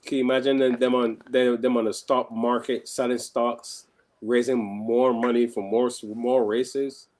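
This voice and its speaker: Loud, joking man co-host. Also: mid-range voice, little pitch movement, moderate pace. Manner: loud, joking, repeats himself for laughs. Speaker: podcast co-host. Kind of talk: casual chat.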